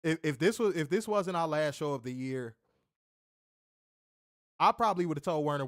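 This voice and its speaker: A man's voice: a little high, moderate pace, long pauses, dry recording, clean studio sound. A man reviewing a wrestling show in casual chat, ranting animatedly and swearing often.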